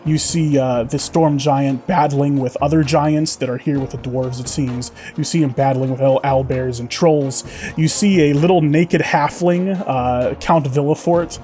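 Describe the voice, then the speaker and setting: Man narrating a tabletop game, slightly high. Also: steady tone, mellow, soft background music. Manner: vivid, halting narration with many fillers. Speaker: game master.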